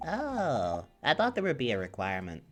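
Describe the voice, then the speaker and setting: A woman voicing an excitable young man in a hospital bed, given to dramatic playful outbursts. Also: a bass voice, moderate pace, faint music behind, exaggerated voice. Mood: outraged. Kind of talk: visual novel voice reading.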